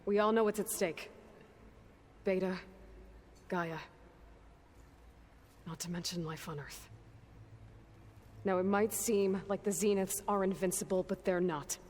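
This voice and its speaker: A woman's voice: mid-range voice, fairly even intonation, a little slow, long pauses, darkish tone, a little hiss or hum, lightly acted. A woman as a resolute young huntress leader, reverb around her. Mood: rallying. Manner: firm, rallying. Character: resolute young woman hunter leading the group.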